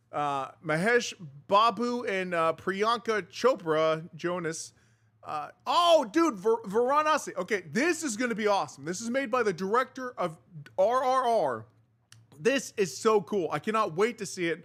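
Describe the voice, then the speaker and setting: Bright, high-voiced man riffing on entertainment news. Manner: chatty, sarcastic asides to viewers. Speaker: news show host. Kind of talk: casual entertainment news commentary.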